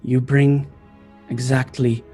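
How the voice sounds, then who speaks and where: A huge fiery she-wolf, played by a man, speaks in a deep, cold voice at a middling pitch. She is curt and demanding, with unhurried menace behind each word. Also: little pitch movement, dark tone, faint music behind, lightly acted. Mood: menacing.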